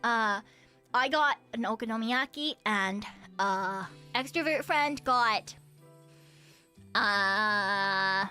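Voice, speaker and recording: A VTuber streamer talks very slowly in a fairly high voice that is smooth yet sharp in tone, with soft background music underneath. She's giggly in casual chat, laughing between sentences and rambling with many fillers and self-corrections.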